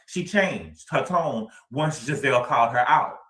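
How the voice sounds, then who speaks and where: A man's voice: mid-range voice, expressive, unhurried, hardly any pauses, pushed and bright, roomy sound, a little hiss or hum. A man hosting a livestream, recapping reality TV in a sassy, dramatic way and repeating his lines for emphasis. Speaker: livestream host. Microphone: streaming mic.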